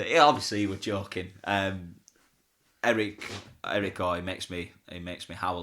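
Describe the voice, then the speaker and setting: A man's voice: deep voice, normal speed, pushed and bright. A man, a pantomime comic telling stories in a casual interview, chatty and often laughing. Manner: chatty, laughs often, acts out quoted voices.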